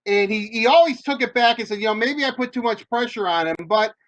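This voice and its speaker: A man's voice: extremely high pitch, a little fast, fairly bright tone. A man hosting an interview, leading into his questions in a familiar, rambling way. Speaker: host, interviewer. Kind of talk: casual interview.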